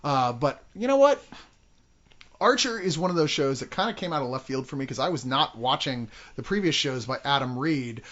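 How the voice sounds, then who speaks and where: A man's voice: medium pitch, lively intonation, moderate pace, a bit bright. A man hosting a podcast, chatting casually and joking around with some swearing. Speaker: podcast host. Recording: dull lo-fi podcast audio.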